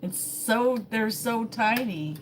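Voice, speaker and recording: A woman's voice: a little high, lively intonation, slow pace, background noise. A woman hosting a casual live-stream vlog, reading aloud and joking along as she goes. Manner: chatty, reads aloud and jokes along. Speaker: vlogger, live-stream host.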